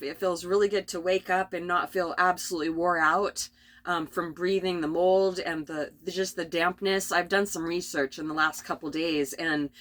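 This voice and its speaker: A middle-aged woman talking casually and earnestly about her spiritual path, rambling with restarts. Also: on the low side. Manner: earnest, rambling, often restarts and laughs softly. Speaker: spiritual vlogger.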